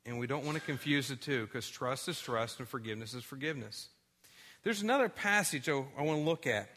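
Male pastor, bright tone, animated sermon storyteller. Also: mid-range voice, a little fast. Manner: animated storytelling, drops to quiet tones for sad moments.

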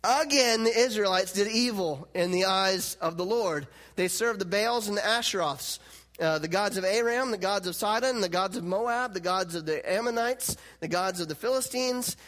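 A man with a high voice preaches a sermon, talking loosely and laughing as he goes. When he voices God's words he builds in intensity. A long reverb hangs on his voice, as in a church hall. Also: moderate pace, a bit bright. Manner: conversational, laughs often, plays out God's lines with rising intensity.

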